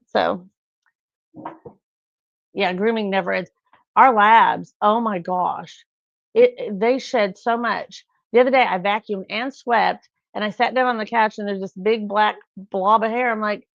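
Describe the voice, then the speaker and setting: A woman's voice: medium pitch, fairly even intonation, measured pace, gravelly, no echo, lo-fi sound. A middle-aged woman chatting casually on a live stream, rambling through stories. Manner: chatty, rambling, acts out quotes with laughs.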